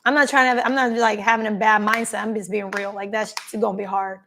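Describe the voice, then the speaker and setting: A woman's voice: mid-range voice, level tone, fairly quick, a bit bright. A woman hosting a casual live stream, effusively reading and thanking viewers' comments by name. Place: travelling, streaming from a holiday spot.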